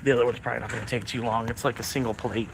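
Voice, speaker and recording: A man's voice: medium pitch, level tone, rapid-fire, creaky, a little hiss or hum. A man chatting casually on a live stream while driving deliveries, rambling with lots of fillers. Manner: rambling, laid-back, full of fillers. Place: inside a car on delivery runs.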